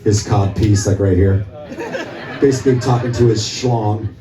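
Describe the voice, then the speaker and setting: A man's voice: lowish voice, fairly even intonation, moderate pace. A man who plays music, telling a long, rambling, swear-filled anecdote to a crowd from the stage of a small club. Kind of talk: onstage storytelling at a live gig. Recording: echoey club, from a distance.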